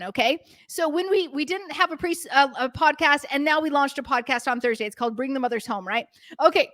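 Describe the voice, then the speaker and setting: A woman's voice: high voice, fairly bright tone. A woman hosting a casual live stream, chatty and bubbly, with lots of fillers. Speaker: host of a live stream for preschool owners.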